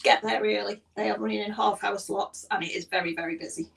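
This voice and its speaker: A woman's voice: medium pitch, fairly even intonation, quick pace, creaky. A woman hosting a casual podcast, chatty, reading out news items with her own asides. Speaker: podcast host. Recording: distant mic.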